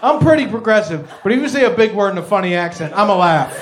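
A man in his twenties doing loud, animated stand-up storytelling, swearing and acting out voices. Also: high-pitched, quick pace, background noise. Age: 20s. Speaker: stand-up comedian.

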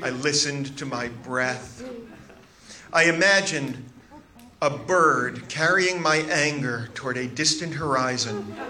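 A man telling a comic story live with a dry, deadpan delivery, in a noisy recording. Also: mid-range voice, slow pace. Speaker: comedic storyteller.

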